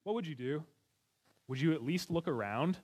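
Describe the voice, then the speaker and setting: A man's voice: a little high, moderate pace, a little mellow, slightly rough. A man preaching a sermon as a pastor, talking to his congregation in an earnest, conversational way. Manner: conversational, earnest, with restarts and light laughs.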